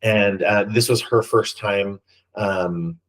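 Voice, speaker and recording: A man's voice: lowish voice, steady tone, slow, fairly bright tone, rough recording. A man co-hosting a podcast, chatting casually and rambling with many ums and restarts. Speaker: podcast co-host. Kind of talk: casual chat.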